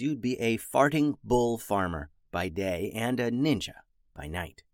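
A man hosting a children's podcast, narrating stories in a playful, animated way into a close, dry mic. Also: on the low side, no room sound. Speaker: children's podcast host and storyteller. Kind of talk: storybook narration for kids.

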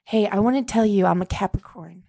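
A woman's voice: medium pitch, fairly quick, mellow. A woman performing an improvised comedy scene as a diner on a date, playful and teasing.

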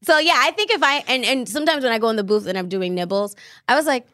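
A woman's voice: on the high side, fast talker, fairly bright tone, no room sound, studio quality. A woman comedic actress chatting playfully as a guest, laughing between bits. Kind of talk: casual interview chat.

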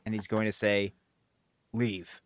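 A man playing a tabletop game, talking in a deadpan, dry way. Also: medium pitch, moderate pace, dry recording. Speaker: player.

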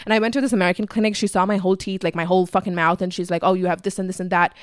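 A woman's voice: lowish voice, little pitch movement, very fast, smooth, dry recording, studio quality. A young woman in her twenties from Dubai, telling a personal story in a casual, chatty podcast monologue, full of fillers and swearing. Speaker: podcast host.

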